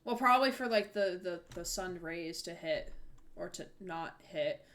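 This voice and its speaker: On her live game stream, a woman chats in a casual, rambling way with plenty of fillers and self-corrections. Her voice is on the low side, animated and a bit bright, and she's unhurried.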